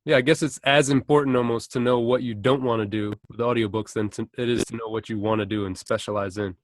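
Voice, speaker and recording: A man's voice: mid-range voice, steady tone, quick pace, no echo, studio quality. A man hosting an interview podcast, asking questions and agreeing attentively. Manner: attentive, agreeable, short backchannels. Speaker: podcast host. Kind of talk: casual interview.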